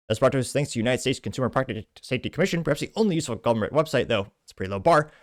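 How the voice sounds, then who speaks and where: Male podcast host, mid-range voice, quick scornful delivery, dry booth sound. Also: medium pitch, expressive, no room sound. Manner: brisk, scornful commentary between read-out quotes. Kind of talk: reading out and commenting on social media posts.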